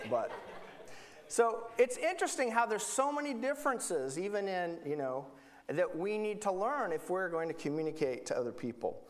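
A middle-aged man delivers a relaxed sermon from a church pulpit. His voice sits a little high for a man. He talks in a chatty, joking way, breaking off mid-sentence and restarting as he goes. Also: normal speed. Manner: chatty, joking, self-interrupting. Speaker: pastor. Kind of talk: casual sermon.

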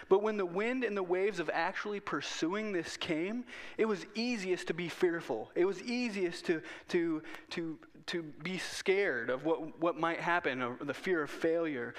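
A man's voice: a little high, normal speed. A man preaching a sermon in an earnest, conversational way, often restarting his sentences. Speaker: pastor.

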